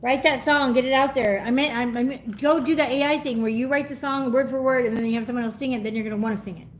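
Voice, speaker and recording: A woman's voice: sits high, steady tone, fast talker, slight background noise. Effusive woman doing a live reading. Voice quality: gets teary and soft when moved. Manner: chatty, effusive, laughs often. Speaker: tarot reader.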